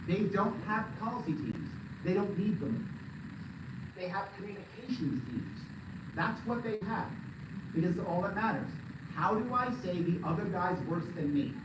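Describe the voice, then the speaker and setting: Man giving an animated, joking speech. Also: high voice. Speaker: political commentator giving a speech. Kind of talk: live speech to an audience. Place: large event hall. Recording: echoey hall from far off, loud noise.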